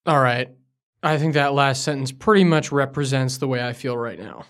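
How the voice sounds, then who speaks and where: A man's voice: mid-range voice, moderate pace, a bit bright. Man co-hosting a language lesson. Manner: curious learner asking for examples. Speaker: co-host. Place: studio in Beijing.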